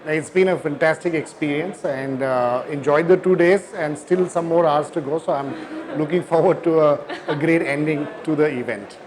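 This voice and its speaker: A man's voice: a little high, moderate pace, a crowd in the background. Hesitant man with an Indian English accent. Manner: hesitant, many fillers, earnest. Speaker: company founder, guest. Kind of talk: conference interview. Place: conference hall.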